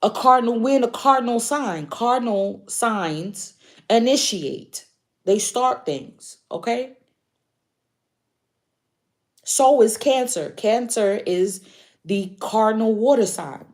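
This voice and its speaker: A woman's voice: on the high side, a little slow, a little mellow. A woman doing a casual spiritual tarot reading for her viewers, chatty and emphatic, repeating key points. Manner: chatty, emphatic repetition, frequent laughs. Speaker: tarot reader.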